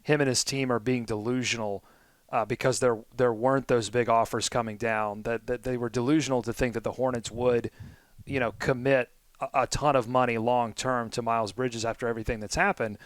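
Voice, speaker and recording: A man's voice: medium pitch, steady tone, brisk, no echo. A man co-hosting a sports podcast, rambling and self-deprecating with lots of restarts. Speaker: podcast co-host. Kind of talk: casual sports podcast chat.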